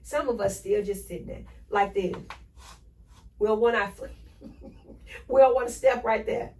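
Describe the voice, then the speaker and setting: An energetic woman hosts a motivational podcast, speaking in a fairly high voice. She preaches and repeats short affirmations. Her voice sits a little away from the mic. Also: a little slow, distant mic, slight background noise, poor audio. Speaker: podcast host.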